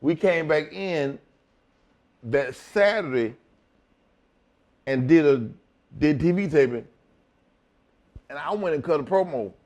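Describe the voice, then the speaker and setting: A middle-aged man and former wrestler telling a profane, animated story in a shoot interview, laughing as he goes. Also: fairly high pitch, slow pace, long pauses.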